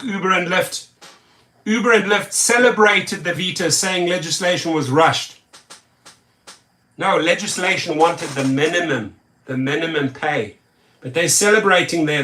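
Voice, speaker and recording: A tired man with a high, bright voice rants on a vlog, angry and sarcastic, and keeps repeating his words. He sits back from the mic in an echoey room. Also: far from the mic. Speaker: rideshare driver and video host. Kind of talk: ranting vlog commentary.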